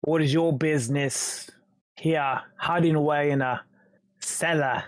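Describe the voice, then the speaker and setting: A man's voice: fairly high pitch, steady tone, measured pace, no echo, close to an everyday voice. A man voicing a dogged investigator in a British gangster manner with a Cockney accent. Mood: probing. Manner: blunt, probing questions.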